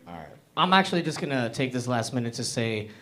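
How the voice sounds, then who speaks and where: A man's voice: medium pitch, animated, quick pace, fairly bright tone. A young man from Hamilton, Canada, doing a loose, rambling open-mic stand-up set full of fillers and self-deprecating asides. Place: comedy club stage.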